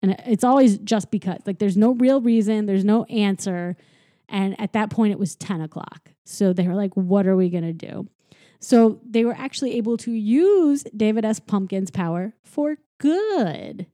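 Chatty woman with a mellow, dry voice. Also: mid-range voice, lively intonation, no room sound. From United States. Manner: laughs often, acts out characters in quick voices. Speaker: podcast co-host. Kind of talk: casual chat retelling a TV special.

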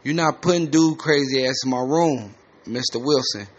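A man's voice: mid-range voice, moderate pace, slight background noise, natural voice. A man voicing an irritated teenage boy in rehab who talks bluntly in slang, on a slightly muffled lo-fi recording. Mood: annoyed.

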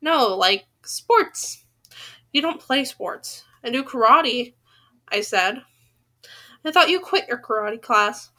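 A woman reading a novel aloud in a casual way, often breaking off into animated, rambling side comments. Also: on the high side, unhurried. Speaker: reader of a novel. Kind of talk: casual read-aloud with chatty asides.

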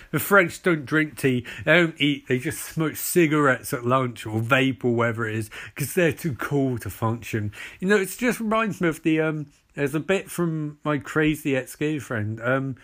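A man's voice: fairly high pitch, a bit bright. A man ranting through a sarcastic, profane recap of a TV show. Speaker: TV reviewer.

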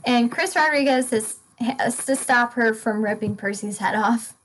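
A woman's voice: fairly high pitch, measured pace, slight background noise, poor audio. A woman casually retelling a book's plot in long run-on sentences and laughing often. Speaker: podcast co-host. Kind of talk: casual book recap chat.

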